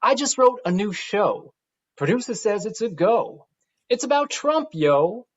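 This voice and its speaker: An actor doing a smooth celebrity who rhymes every line, slangy and breezy, mid-pitched voice, dull lo-fi sound, stage play. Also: very animated, a little slow. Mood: rhyming. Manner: talks in rhymes. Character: impression of a famous composer, rhyming street-style talk.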